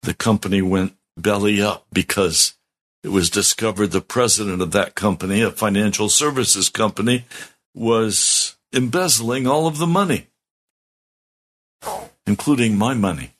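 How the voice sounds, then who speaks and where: A man's voice: lowish voice, unhurried, a bit bright. A middle-aged man, a pastor, telling his testimony in a sermon, earnest and heartfelt with strong emphasis.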